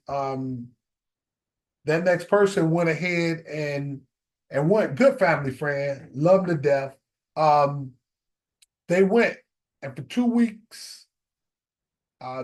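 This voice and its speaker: A man's voice: a little high, darkish tone. A middle-aged man with a slightly raised voice telling a personal story, casual and reflective. He repeats his key phrases to drive the point home. The telling leads toward a plain life lesson.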